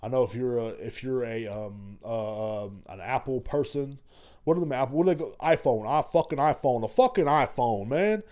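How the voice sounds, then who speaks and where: This Texan podcast host has a mid-range voice that's expressive and slightly mellow, moving at a moderate pace. Alone on the mic, he rambles through a casual comedic monologue full of profanity and crude jokes.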